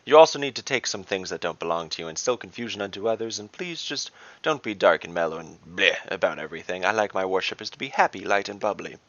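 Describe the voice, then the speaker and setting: A man's voice: low voice, fast talker, hardly any pauses, fairly bright tone, no echo. A man voicing a mischievous male halfling trickster god in a gleeful, teasing, theatrical way. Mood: playful. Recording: dull dry lo-fi recording.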